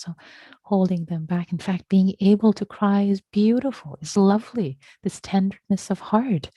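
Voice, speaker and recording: Soft-spoken meditation teacher, mellow woman. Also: medium pitch, no room sound. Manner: soft, slow and reassuring, often breathy. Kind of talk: gentle dharma talk to a Zoom group. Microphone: computer mic on a video call.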